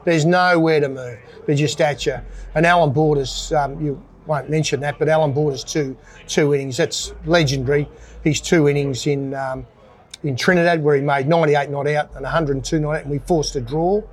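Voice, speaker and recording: A man's voice: on the high side, steady tone, a little fast. Older Australian man spinning yarns. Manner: anecdotal, self-mocking, laughs at own stories. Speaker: former cricketer guest. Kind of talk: casual storytelling interview.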